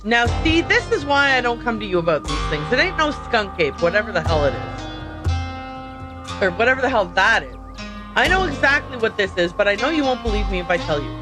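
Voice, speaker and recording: A woman voicing a stubborn, gruff old male hunter who grumbles and curses while reading a game aloud. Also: fairly high pitch, very animated, fairly quick, music in the background. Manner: grumbling, blunt, cursing.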